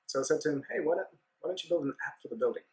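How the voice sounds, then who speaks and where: A man's voice: a little high, racing, low-quality recording. Casual man telling stories. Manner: animated anecdote-telling with acted-out dialogue. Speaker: podcast guest, entrepreneur. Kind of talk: casual storytelling interview.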